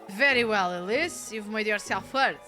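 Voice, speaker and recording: A woman voicing a stern older male priest who scolds in a lowered voice. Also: normal speed, pushed and bright, lightly acted. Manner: stern, reproachful. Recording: game music playing behind.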